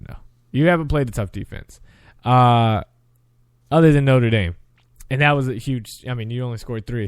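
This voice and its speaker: Chatty young man with a smooth voice. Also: medium pitch, darkish tone, no room sound. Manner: chatty, self-correcting, frequent restarts. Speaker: sports show host. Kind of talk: casual sports picks commentary.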